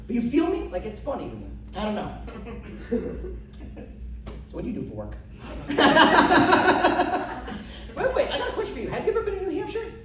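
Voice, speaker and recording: A man's voice: huge pitch swings, a little fast. A brash young male comedian working the crowd, his voice leaping up and down as he performs bits. He is caught from a distance on a comedy club stage. The room rings with heavy echo. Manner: brash, loud, swings pitch for bits. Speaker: stand-up comedian. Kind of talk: stand-up crowd work. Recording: echoey club from far off.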